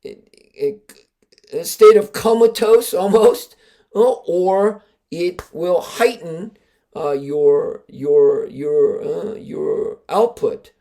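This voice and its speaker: A man with a high-pitched speaking voice, a martial arts grandmaster hosting his own podcast. He tells stories casually and emphatically, with plenty of fillers and restarts. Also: very slow, creaky, dark tone. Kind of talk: casual storytelling.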